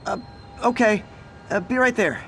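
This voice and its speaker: A man's voice: high voice, a little slow, sharp tone, a little hiss or hum. An actor playing a friendly, earnest young male hero who talks in an upbeat, chatty way.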